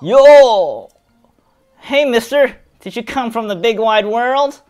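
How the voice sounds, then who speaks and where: A man's voice: very high-pitched, slow, clear, resonant tone, faint music behind, voice pushed up, exaggerated voice. A man voicing an eager young village boy who keeps asking questions. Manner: excited, pushy questions.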